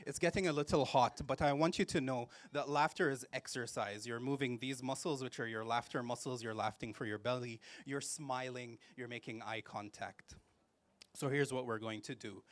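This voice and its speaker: A man with a mid-range voice, speaking at a normal speed, guides a live group through a laughter yoga workshop at a festival venue. He's playful, offering instructions step by step amid bursts of laughter and cheering.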